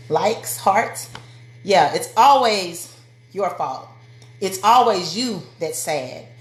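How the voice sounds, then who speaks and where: A woman giving a motivational live-stream talk to women, speaking directly and preacherly and calling out to her viewers. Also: mid-range voice. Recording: echoey room.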